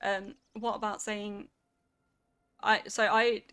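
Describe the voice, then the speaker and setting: Bright, gravelly-voiced woman streamer. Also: mid-range voice, unhurried. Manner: chatty, animated, reacting to chat. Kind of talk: casual gameplay chat with chat.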